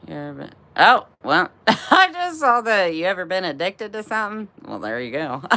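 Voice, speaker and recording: A woman's voice: low-pitched, pushed and bright. A woman in her thirties telling a personal story to a live chat, swearing freely, laughing, and using lots of fillers. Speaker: livestream host.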